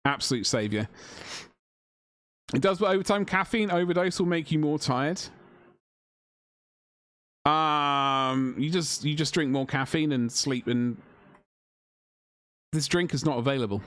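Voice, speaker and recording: A man's voice: fairly high pitch, measured pace, long pauses, a bit bright, dry recording. A man chatting casually to a live-stream audience while painting miniatures, joking with mock outrage.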